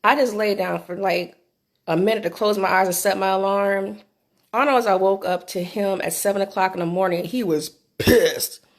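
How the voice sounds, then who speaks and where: A middle-aged woman telling a candid personal story into her phone for a vlog, animated and swearing freely. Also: mid-range voice, normal speed. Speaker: vlogger.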